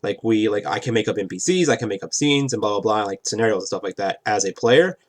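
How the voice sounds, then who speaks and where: This man has a lowish voice and talks at a quick pace as he loosely explains a tabletop game's rules, rambling and often tossing in "right?".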